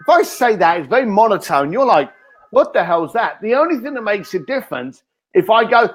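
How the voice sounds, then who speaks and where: A man, a guest author in an interview, telling energetic stories and acting out the lines he quotes. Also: high voice, brisk, faint music behind. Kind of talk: animated interview talk.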